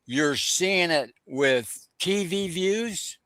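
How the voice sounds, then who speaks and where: A man's voice: high voice, lively intonation, extremely slow, fairly bright tone, no room sound. A man giving emphatic stream commentary, repeating his points for force.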